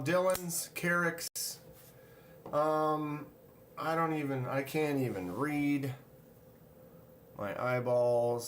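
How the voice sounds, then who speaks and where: Relaxed man chatting on a livestream. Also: a little high, slight background noise. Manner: chatty, reads viewer comments aloud and greets chatters. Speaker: livestream host. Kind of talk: casual live-stream chat. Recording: roomy, echoey room sound.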